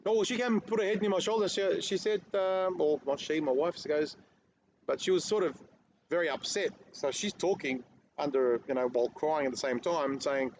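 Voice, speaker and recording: A man's voice: fairly high pitch, brisk. A man, a guest telling a rambling story in casual podcast chat. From Australia. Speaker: guest car detailer. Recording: muffled lo-fi audio with faint noise.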